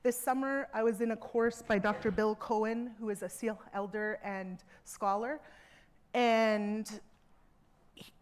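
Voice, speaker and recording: A woman speaking earnestly to a seminar audience from a theatre stage, measured, with emphatic repetitions. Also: on the high side, steady tone. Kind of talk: reflective public talk.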